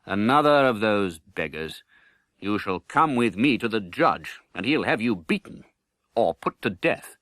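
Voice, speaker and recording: A man voicing a grown passer-by who speaks in a measured, firm way. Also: lowish voice, lively intonation, fairly bright tone, dry recording, studio quality. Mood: stern. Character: kindly passer-by turned stern.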